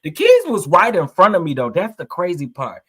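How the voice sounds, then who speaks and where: A man's voice: high-pitched, huge pitch swings, moderate pace, a bit bright, husky. A man vlogging casually to his viewers, emphatic and emotional, greeting people in the chat. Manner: emphatic, preachy, greets live chatters, emotional.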